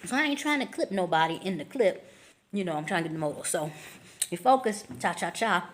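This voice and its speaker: A woman with a somewhat low voice tells a story casually in her vlog. She talks in slangy, expressive bursts and acts out the scene with sound effects and quick little voices. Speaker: travel vlogger.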